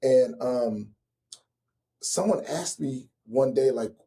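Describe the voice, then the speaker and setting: A man in his forties, a relationship coach, telling personal stories in an earnest, animated conversational way. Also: mid-range voice, slow pace, vocal fry, distant mic. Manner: earnest, animated, addresses listeners directly. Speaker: guest, relationship coach and author. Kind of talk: candid conversational storytelling.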